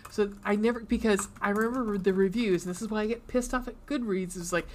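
A woman's voice: medium pitch, fairly even intonation, quick pace, few pauses. A woman co-hosting a podcast, chatting casually and gushing about books, swearing freely. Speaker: podcast co-host.

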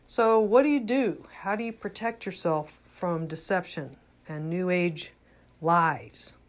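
An older woman giving an earnest, unscripted religious talk, halting with frequent restarts. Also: fairly low pitch. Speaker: religious commentator.

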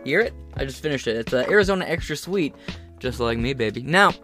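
A man's voice: medium pitch, lively intonation, quick pace, a bit bright, faint music behind. A man hosting a podcast, giving casual, sarcastic commentary on a news article and swearing freely as he rambles into stories. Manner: profane, sarcastic, rambling storyteller. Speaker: podcast host.

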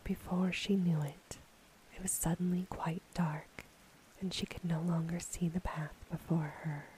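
A woman reading a fairy tale aloud in a soft, unvoiced whisper, as a bedtime story. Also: lowish voice, steady tone, measured pace, slight background noise, low-quality recording.

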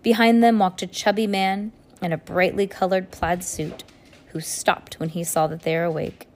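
A woman's voice: lowish voice, steady tone, normal speed, darkish tone, slight background noise. A woman reading a novel aloud chapter by chapter, breaking off now and then for casual asides. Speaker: reader.

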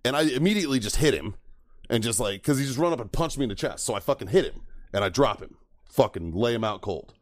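A man's voice: medium pitch, quick pace, no room sound, clean studio sound. A middle-aged man, a podcast host, telling a story in casual chat with friends, swearing freely and laughing through it. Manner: profane, laughing, animated storyteller.

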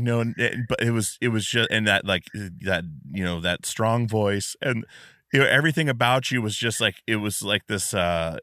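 Bright-voiced man hosting a casual podcast. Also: on the low side, dry recording, clean studio sound. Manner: rambling, many fillers and restarts. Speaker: podcast host. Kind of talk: casual interview chat.

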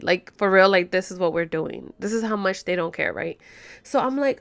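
A woman's voice: medium pitch, animated, moderate pace, gravelly. A young woman telling a story in a casual home vlog, venting and swearing freely, full of "like" and "you know". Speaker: vlogger. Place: home bedroom.

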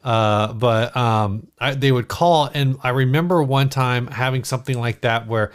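A man's voice: mid-range voice, measured pace, clear, resonant tone. A man co-hosting a casual podcast, chatting and laughing through his stories. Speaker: podcast co-host. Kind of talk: casual chat.

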